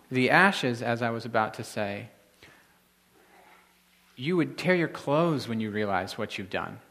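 A man's voice: mid-range voice, a bit bright. A married man preaching a sermon in a casual, conversational way, with frequent restarts and filler words. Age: adult, married. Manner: conversational, halting with many restarts. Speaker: pastor.

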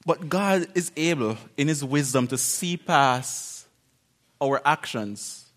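Animated man preaching casually. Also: on the high side, slow pace. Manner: conversational, animated, acts out quotes, laughs often. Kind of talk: informal sermon.

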